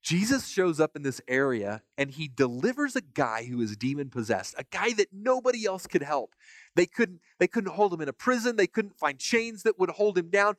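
A man's voice: sits high, very animated, moderate pace, no echo. Man preaching casually in a dry room. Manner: casual, repeats words when starting phrases; reads scripture aloud between comments. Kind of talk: conversational Bible teaching.

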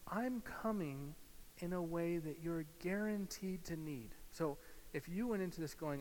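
A male pastor preaching a sermon, swinging from loud emphasis to hushed, slow guided imagery. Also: on the high side. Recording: hall reverb with faint hiss.

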